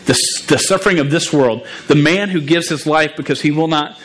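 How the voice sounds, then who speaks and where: A man's voice: on the high side, fairly quick, fairly bright tone. A man preaching to a youth group as their youth pastor, earnest and emotional, often restarting and stumbling over his words.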